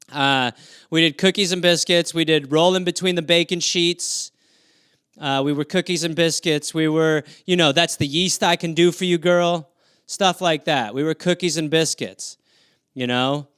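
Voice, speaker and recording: A man's voice: on the high side, a bit bright, smooth, dry recording. A man from Wisconsin riffing through silly prompts on a livestream, playfully dropping into comic voices. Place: home, livestream. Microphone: phone or webcam.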